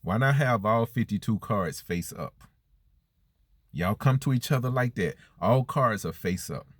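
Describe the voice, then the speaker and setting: A man's voice: on the low side, expressive, measured pace, dry recording, clean studio sound. A man preaching about love and unity in plain, earnest talk, with speech, repetition and rhetorical questions. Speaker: motivational speaker. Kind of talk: spoken-word preaching monologue.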